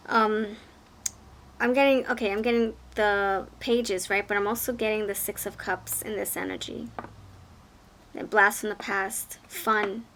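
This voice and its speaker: A woman's voice: mid-range voice, fairly even intonation, takes it slowly, pauses often, fairly bright tone, a little hiss or hum. A woman giving a pick-a-card tarot reading, talking in an effusive, exclaiming way and often repeating her words. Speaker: tarot reader.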